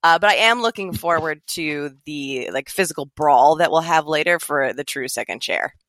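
Female podcast guest, laughing and enthusiastic, lively pitch, dry sound. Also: normal speed, no echo. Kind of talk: casual podcast chat.

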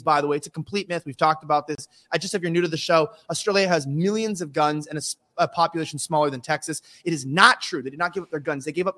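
A man hosting a live podcast, talking loudly and rambling with laughing asides. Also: fairly high pitch. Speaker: podcast host. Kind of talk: casual live-stream banter.

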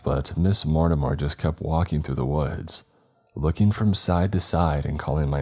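A male horror storyteller with an extremely deep, dark, mellow voice. He reads in a measured, dramatic way. Soft music runs faintly underneath. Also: husky. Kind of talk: scripted horror narration.

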